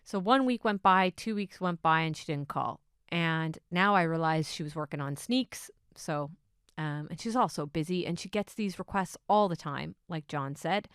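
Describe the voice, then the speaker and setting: Low, smooth-voiced woman podcast host. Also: normal speed, no room sound, studio quality. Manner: excitable, swings between hushed asides and bursts of enthusiasm. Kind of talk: casual solo podcast storytelling.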